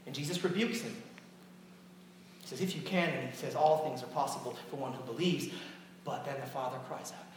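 A man preaching a sermon, lively and dramatic, acting out quotes and correcting himself as he goes. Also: mid-range voice, fairly quick, long pauses. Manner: animated, acts out quotes, self-correcting. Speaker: pastor. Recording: echoey hall, distant mic, faint noise.

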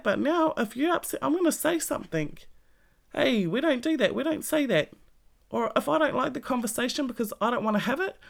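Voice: mid-range voice, gravelly. A vlogger giving a blunt, profane motivational talk straight to the listener, full of pointed questions. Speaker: self-help vlogger. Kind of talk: motivational monologue to camera.

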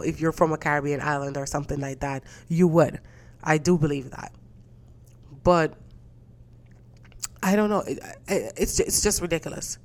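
Low-voiced new woman ranting on her podcast, blunt and fed up, swears a lot. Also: darkish tone. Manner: blunt, exasperated, swears freely. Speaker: podcast host. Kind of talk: casual rant.

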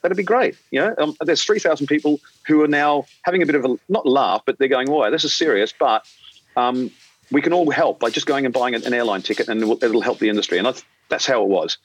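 Man telling an animated story. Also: medium pitch, quick pace, husky, poor audio. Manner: animated storyteller, acts out quoted dialogue. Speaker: airline captain, interview guest. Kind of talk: conversational storytelling.

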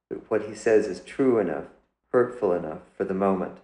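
A man, the author, reading his own literary story aloud in a measured, deliberate way. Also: sits low, mellow, reverberant, poor audio. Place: indoors.

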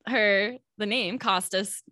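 A woman co-hosting a podcast, retelling a movie's scenes in upbeat casual chat with giggles and quick quoted lines. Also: mid-range voice, steady tone, sharp tone, no echo. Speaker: podcast co-host.

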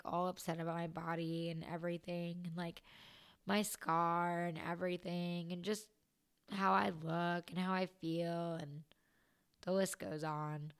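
A young woman, a new mother, talking candidly and from the heart in a personal vlog, slow and halting in places. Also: on the low side, little pitch movement, clean tone. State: tearful.

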